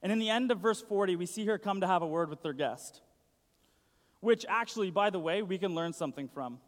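A man's voice: high voice, brisk. A young man giving a casual sermon, chatty and full of "like". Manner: chatty, uses "like" a lot. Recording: long hall reverb.

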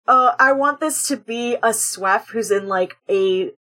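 A woman's voice: fairly high pitch, measured pace, bright, forceful tone. A woman in casual chat as a player in a tabletop role-play game, rambling with many fillers.

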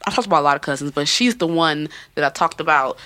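A woman's voice: sits low, lively intonation, fast talker, bright, forceful tone. A woman hosting a casual podcast, talking loosely, swearing and laughing often. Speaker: podcast host.

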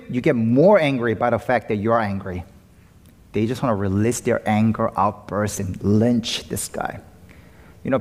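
A male pastor delivers a sermon in a mid-range voice, rising emphatic one moment and dropping to a hush the next. His words ring out with the long reverb of a church hall. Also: mid-range voice. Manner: emphatic, swings from loud to hushed. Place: church sanctuary.

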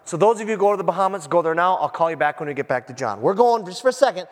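Man pastor, fairly high voice, lively storytelling sermon, long church reverb. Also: rapid-fire. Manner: animated, joking, acts out scenes. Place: church sanctuary.

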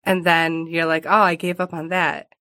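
A woman's voice: low voice, flat delivery, normal speed, sharp tone. A woman chatting casually on a podcast, giggly and full of fillers.

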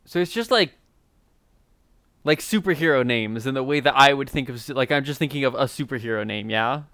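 A man's voice: mid-range voice, animated, a little fast, fairly bright tone, no echo, studio quality. A man co-hosting a podcast in casual comedic chat, teasing his partner with crude jokes. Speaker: podcast co-host.

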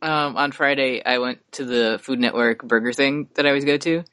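A man's voice: medium pitch, brisk, a bit bright, clear, resonant tone, dry recording, clean studio sound. A man in his twenties hosting a podcast in casual chat, rambling and self-mocking, often laughing at his own stories. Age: 20s. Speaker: podcast host.

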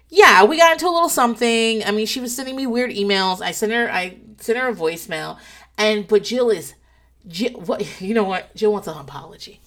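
Profane, animated woman dishing gossip. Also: medium pitch. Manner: animated, profane storytelling with laughs and acted-out quotes. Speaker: podcast host. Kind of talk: casual gossip commentary.

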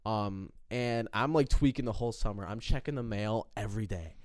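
Young man, smooth clear voice, dry close sound, casual rambling storyteller. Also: fairly low pitch, a little fast, no echo. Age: young adult. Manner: rambling, filler-heavy, acts out quotes.

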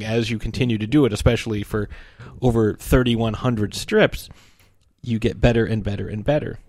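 A man talks in a relaxed, chatty way about comic strips, now and then jumping into the characters' lines. His voice sits at an ordinary pitch. The recording is close and dry, with almost no room sound. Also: no room sound. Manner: animated storytelling, acts out the characters' lines.

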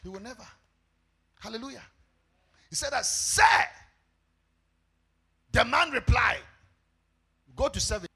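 Male pastor, very high and sharp voice, fervent sermon delivery with shouted and sung lines. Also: lively intonation, unhurried, creaky, pauses often, husky. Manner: fervent preaching, bursts into shouts and sung phrases.

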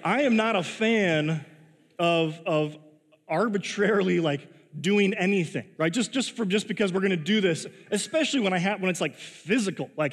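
A man preaches a sermon in a church sanctuary, his slightly high voice trailing a long hall reverb. He talks in a loose, chatty way, restarting his sentences and laughing at his own stories. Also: animated, moderate pace. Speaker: pastor. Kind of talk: sermon with personal storytelling.

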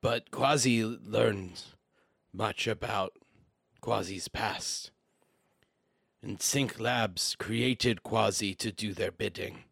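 A soft-spoken, long-necked creature built in a lab, who talks about himself in the third person, as a man voices him in a tabletop game. He speaks low, slow and gravelly. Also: dry recording, studio quality, exaggerated voice. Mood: earnest. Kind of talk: tabletop role-play, in character.

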